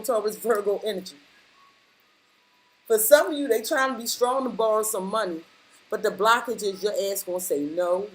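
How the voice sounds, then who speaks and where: A woman's voice: medium pitch, darkish tone, rough recording. Emphatic woman giving a tarot reading. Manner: emphatic, repeats lines for stress, blunt slang. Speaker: tarot reader. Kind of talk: casual tarot reading to the viewer.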